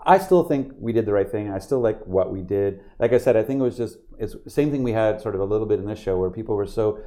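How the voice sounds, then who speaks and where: A middle-aged man, a game studio head, chatting casually as an interview guest and telling stories with lively asides. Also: on the low side, quick pace. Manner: animated storyteller who acts out fans' reactions.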